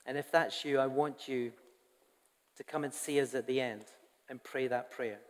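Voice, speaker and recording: A man's voice: mid-range voice, fairly even intonation, moderate pace. A man giving a sermon to his congregation, earnest and conversational, with asides to the people in front of him. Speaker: pastor. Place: church hall. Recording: long church reverb.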